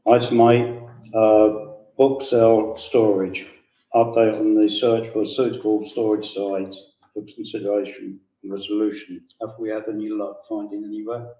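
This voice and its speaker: Man chairing a meeting, brisk, procedural, level monotone, distant echoey room mic. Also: on the low side. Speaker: committee chair.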